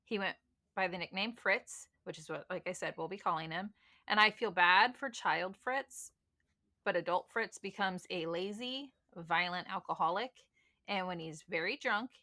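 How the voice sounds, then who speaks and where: A woman's voice: fairly low pitch, moderate pace, pushed and bright. A woman with a Southern US accent hosting a true crime podcast, telling the case in a blunt, joking way full of folksy slang. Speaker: podcast host, case narrator.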